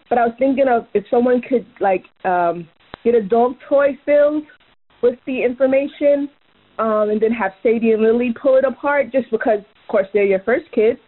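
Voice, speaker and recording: Bubbly woman caller, tinny phone sound. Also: on the high side. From Maryland. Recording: phone line.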